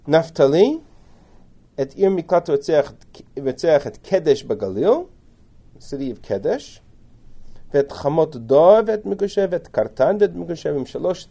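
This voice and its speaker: A man's voice: fairly high pitch, warm tone, dull audio. A man teaching a text lesson, reading verses aloud and translating them line by line, with chatty asides and questions to the class. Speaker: Torah teacher. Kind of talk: lecture on a biblical text.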